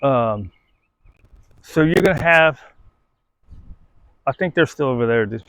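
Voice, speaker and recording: A man's voice: mid-range voice, animated, a little slow, fairly bright tone, no echo, low-quality recording. A man, a dog trainer, giving casual, conversational training advice outdoors and often checking in with "right?". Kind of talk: casual instructional talk.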